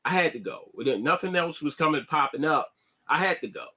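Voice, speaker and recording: A man talking, animated, often restarting and asking "you see what I'm saying". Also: fairly high pitch, normal speed, breathy edge. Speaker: vlogger. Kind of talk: casual live-stream monologue.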